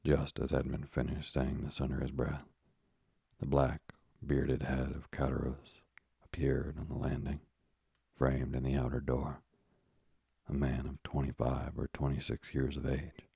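A man reading a classic novel aloud as narrator, in a measured, even, gravelly voice that often drops to a half-whisper. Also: extremely low pitch, no echo, studio quality. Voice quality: gravelly, husky.

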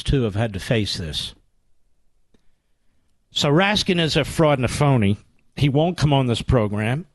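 A man's voice: mid-range voice, no room sound. A man hosting a political talk radio show, combative and sarcastic.

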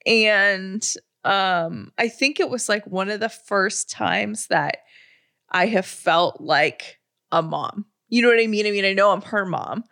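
A woman's voice: mid-range voice, a little slow, vocal fry, a bit bright. A woman in her thirties co-hosting a podcast, telling a heartfelt story in a gushing, emotional way. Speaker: podcast co-host. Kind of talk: casual chat.

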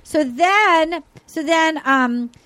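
Animated high-voiced woman recapping. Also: extremely slow. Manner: dramatic, acts out quotes in exaggerated voices, laughs often. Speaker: podcast host. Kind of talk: animated comedic recap of a dating show. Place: studio with guests in person.

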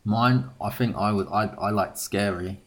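A man's voice: on the low side, normal speed. An English man co-hosting a podcast, telling laughing anecdotes in casual chat. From England. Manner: laughing anecdotes, lots of fillers. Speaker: podcast co-host.

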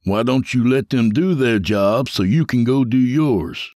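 A man's voice: mid-range voice, expressive, unhurried, a little mellow, dry recording, studio quality, pitched above the performer's own voice, close to an everyday voice. A man voicing a smug, menacing male security chief who mocks and orders people around. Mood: taunting. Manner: taunting, mocking, commanding. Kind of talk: audio drama narration.

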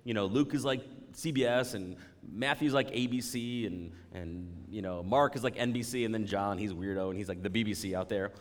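A man preaching a sermon as pastor, conversational and animated, acting out the voices of the people in his examples. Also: lowish voice, fairly quick, few pauses. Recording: long hall reverb.

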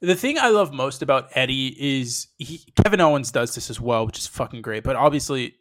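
A man's voice: medium pitch, animated, brisk, no room sound, studio quality. A man co-hosting a podcast, talking casually and emphatically and swearing freely. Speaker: podcast co-host. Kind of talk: casual chat recapping wrestling.

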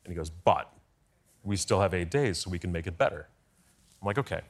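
A man guesting on a talk show, telling lively stories in quick bursts. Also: sits low. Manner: lively storyteller, quick asides. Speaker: guest, former speechwriter.

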